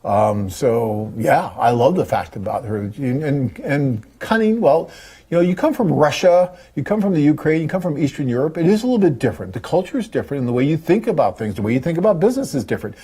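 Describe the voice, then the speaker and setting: Husky-voiced chatty man. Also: fairly high pitch, expressive, fast talker, dark tone. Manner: enthusiastic, rambling, chatty. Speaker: host and company head. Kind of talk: casual live webcast talk.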